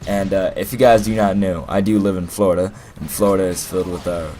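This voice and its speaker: A man's voice: low voice, steady tone, fast talker, warm tone, a little hiss or hum. A young man telling a rambling, playful story as casual gameplay commentary, full of fillers. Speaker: gaming commentator.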